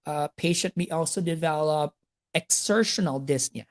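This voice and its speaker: A woman with a Filipino accent and a deep, darkish voice speaks at normal speed. She's delivering a nursing exam lecture, blending English with Tagalog and checking in with "okay?" after each point.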